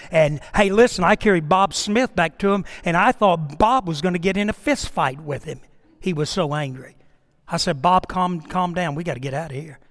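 High-voiced preacher in reverberant hall. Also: male voice. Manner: preaching with emphatic rises and hushed drops. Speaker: pastor. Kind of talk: sermon. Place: church sanctuary. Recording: long reverb of a church hall.

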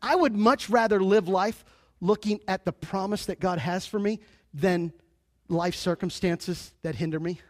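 A man preaching to his congregation, his voice pitched high for a man. He jokes and teases, then falls into quiet, confiding asides before building back up. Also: a little slow, no echo. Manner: lively, joking preacher with sudden drops to a quiet aside. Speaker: pastor. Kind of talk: sermon.

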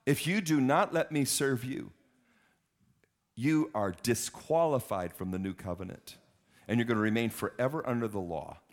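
A man voicing a calm, patient male teacher who corrects his followers in a measured way. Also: mid-range voice, close to an everyday voice. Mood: firm.

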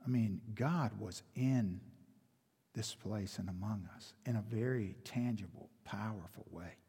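Male pastor with a husky voice, dramatic sermon delivery that drops to a hush, long church-hall reverb. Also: on the low side, a little slow. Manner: dramatic storytelling with sudden swings from loud to hushed. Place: church sanctuary.

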